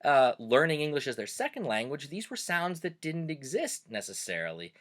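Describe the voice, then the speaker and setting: A man's voice: a little high, sing-song, moderate pace, a bit bright. A middle-aged man from Pennsylvania with a Pennsylvania Dutch accent, a teacher hosting a casual, reflective video talk with plenty of fillers. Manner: conversational, reflective, many fillers. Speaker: host of a cultural video series; German teacher.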